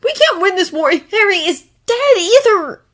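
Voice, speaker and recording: Woman doing a hot-tempered teen boy wizard, high strained voice, sarcastic, yelling, storybook reading. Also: big pitch swings, normal speed, full character voice. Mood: bitter.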